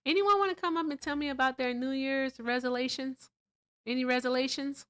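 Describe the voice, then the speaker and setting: A woman from Virginia hosting a casual livestream, animated and gushing as she thanks viewers, jumping between loud excitement and quiet asides. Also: high voice, fairly quick, smooth. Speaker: livestream host.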